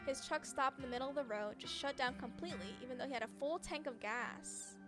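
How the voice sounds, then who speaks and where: A woman's voice: high-pitched, quick pace, natural voice. A woman voicing an upbeat young cryptid hunter and vlogger, talking in a chatty, earnest way over game music.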